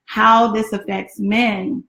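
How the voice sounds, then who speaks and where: A woman's voice: medium pitch, flat delivery, takes it slowly, vocal fry, fairly bright tone. A woman co-hosting a relationship talk show beside her husband, backing up his points and adding her own in casual chat. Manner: affirming backchannels, chimes in supportively. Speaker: co-host, the host's wife. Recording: echoey room.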